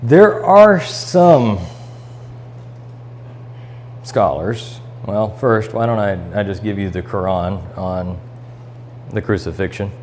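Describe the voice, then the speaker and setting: A man's voice: sits low, fairly even intonation, measured pace, a little mellow, a little hiss or hum, poor audio. A man with a Midwestern American accent, teaching a Bible study lesson in a church classroom and reading passages aloud, with fillers and restarts. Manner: reads scripture aloud and explains it, with fillers and restarts.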